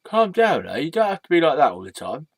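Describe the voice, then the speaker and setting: A man doing a soft-spoken scolding sock puppet. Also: fairly high pitch, huge pitch swings, quick pace, no room sound, full character voice.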